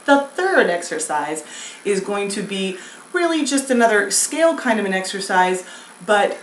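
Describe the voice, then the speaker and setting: A woman vocal coach talks through breathing and scale exercises in a loose, chatty way, now and then singing a scale to show it. Her voice sits at a middle pitch. The room is echoey, with a faint hiss behind her. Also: moderate pace, recorded from a distance. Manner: demonstrates with sung scales and hissed S sounds; relaxed, chatty explaining with fillers. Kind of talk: singing lesson.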